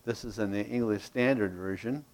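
A man's voice: fairly low pitch, moderate pace, darkish tone. A man preaching a sermon to his congregation, reading Scripture aloud and checking in with them. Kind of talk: verse-by-verse sermon.

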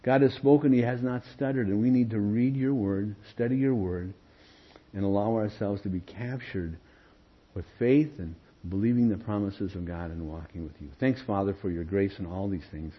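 A man's voice: lowish voice, moderate pace, breathy edge. A male pastor teaching an evening Bible study, explaining verses and often checking in with "okay?". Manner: explanatory, keeps asking "okay?". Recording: dull lo-fi recording.

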